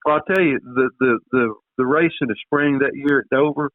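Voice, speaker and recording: An older man calls in over a thin, tinny phone line, his voice dry and close with no room around it. He rambles through his stories and keeps coughing and clearing his throat. He sits at a middling pitch. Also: fairly quick, no room sound. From Virginia. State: coughing, choked up. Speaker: guest, retired race car driver. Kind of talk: casual interview storytelling. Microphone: phone call.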